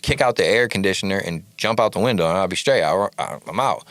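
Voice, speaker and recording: A man's voice: deep voice, quick pace, no room sound. Casual storytelling man, dry sound. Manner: animated, acts out quoted lines, fillers like "like". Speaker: podcast guest, studio owner.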